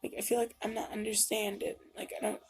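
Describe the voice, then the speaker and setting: A woman's voice: mid-range voice, level tone, fairly quick, breathy edge, soft background music. A woman vlogging casually at home into her camera mic, rambling with lots of fillers and getting emotional. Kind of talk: casual confessional vlog. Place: home room.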